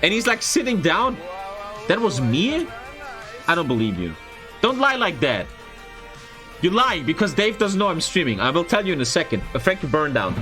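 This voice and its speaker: A young man, a streamer, telling a story in casual, profane, expressive chat. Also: on the high side, normal speed, pauses often, soft background music. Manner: profane, expressive, frequent swearing.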